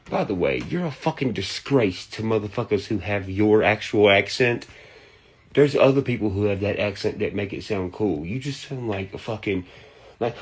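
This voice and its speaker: A man's voice: on the low side, moderate pace, breathy edge. A man ranting profanely and heatedly, mocking others and breaking into hummed sound effects.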